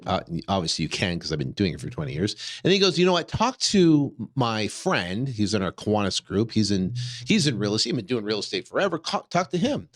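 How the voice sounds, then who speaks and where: Man in his fifties telling a story. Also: fairly low pitch. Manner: animated, many fillers and restarts, acts out his own reactions. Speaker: real estate investor and podcast host. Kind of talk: casual first-person storytelling.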